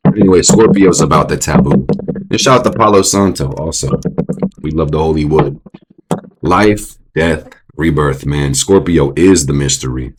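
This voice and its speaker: A young adult man hosting a casual astrology stream, profane and animated, often jumping into mocking voices. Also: rumbling low, normal speed, slight background noise. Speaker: astrology show host. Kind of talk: casual astrology livestream talk.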